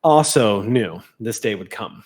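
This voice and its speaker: A man's voice: fairly low pitch, expressive, measured pace, a little mellow. A man narrating a tabletop role-play as game master, setting scenes in vivid, cinematic detail.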